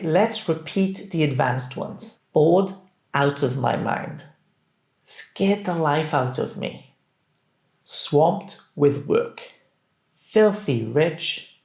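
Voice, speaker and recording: A man teaching English, reading phrases deliberately and clearly so that learners can repeat them. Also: fairly high pitch, darkish tone. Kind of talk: scripted language drill. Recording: roomy echo.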